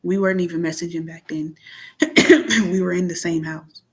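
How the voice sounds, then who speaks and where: A woman vlogger venting in a casual monologue, reading out text messages and commenting on them in a plainspoken, aggrieved way, often clearing her throat. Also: lowish voice, normal speed. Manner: plainspoken, aggrieved, repeats herself.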